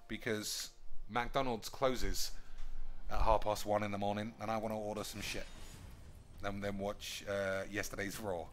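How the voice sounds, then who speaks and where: A man's voice: on the low side, a bit bright. A man with a London accent, a streamer thinking aloud over a card game in casual, joking commentary and swearing freely. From United Kingdom.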